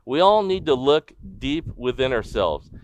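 A man preaching a sermon as pastor, animated in his storytelling and asking the congregation direct questions. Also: medium pitch, measured pace, no echo. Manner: animated storytelling, acting out the crowd's disbelief.

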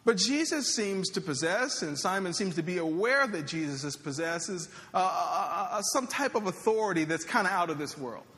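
A man's voice: sits high, animated, moderate pace, few pauses, a bit bright. A man preaching a sermon as pastor in a conversational way, with joking asides. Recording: reverberant hall.

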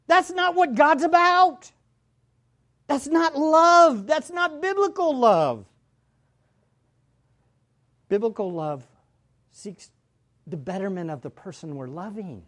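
A woman preaching a sermon, speaking to her listeners directly, repeating key phrases and swinging between loud and hushed. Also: high-pitched, expressive, slow, long pauses. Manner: addresses the congregation directly.

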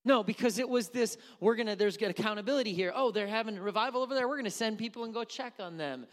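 A man's voice: high-pitched, fast. A man from Wisconsin preaching a sermon as a pastor, emphatic and repeating key words for effect. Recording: long hall reverb.

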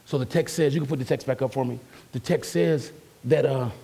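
A man's voice: medium pitch, a little fast, vocal fry, mellow, slightly rough. A man preaching an emphatic, conversational sermon as a pastor and calling out to his congregation.

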